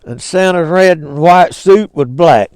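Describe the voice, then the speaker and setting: Slow, high-voiced older Southern storyteller. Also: male voice, darkish tone, smooth, dry recording. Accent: Southern US, Georgia. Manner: homespun drawl, chuckling asides. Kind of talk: folksy storybook reading.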